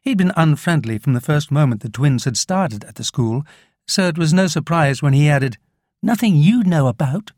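A man narrating a children's novel in an expressive storytelling manner. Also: on the high side, normal speed, no room sound, studio quality. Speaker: audiobook narrator. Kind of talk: scripted narration.

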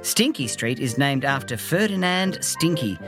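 A woman narrating a children's story aloud in a playful, expressive way. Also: very deep voice, unhurried, music in the background. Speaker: audiobook reader.

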